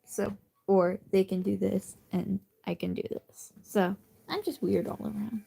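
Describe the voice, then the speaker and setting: A woman chatting casually on a late-night phone livestream from her bed, rambling and self-deprecating, sometimes dropping to a soft whisper. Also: mid-range voice, fairly even intonation, a little slow, gravelly, slightly rough. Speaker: streamer. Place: cozy bedroom at night.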